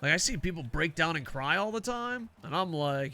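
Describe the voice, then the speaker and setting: Animated older man chatting over gameplay. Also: moderate pace, few pauses, soft background music. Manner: rambling, profane, laughs often, mimics coworkers in a high voice. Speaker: streamer. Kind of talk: casual chat while gaming.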